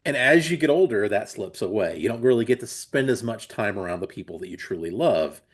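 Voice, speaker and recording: Rambling low-voiced man talking comics. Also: expressive, brisk, slightly rough. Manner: rambling with many restarts. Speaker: comics creator and publisher, guest. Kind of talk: casual conversation.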